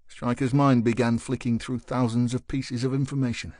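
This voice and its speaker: Guy reading a mystery audiobook, steady and measured, dry close mic. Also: mid-range voice, no room sound. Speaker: audiobook narrator. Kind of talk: scripted audiobook narration.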